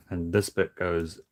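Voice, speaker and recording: A man streaming casually while building toys, talking in a flat, monotone way with many halting restarts. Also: sits low. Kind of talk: casual livestream chat.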